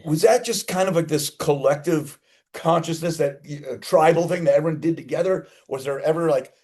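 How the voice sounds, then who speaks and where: A man's voice: fairly high pitch, a little fast, a little mellow. A man co-hosting an interview, asking thoughtful, reflective questions. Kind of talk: casual interview chat.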